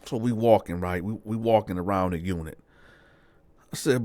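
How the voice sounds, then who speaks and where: A man telling a personal story in a relaxed, slangy, conversational way, close to the mic. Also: on the low side, normal speed, long pauses, no echo. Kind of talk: casual storytelling.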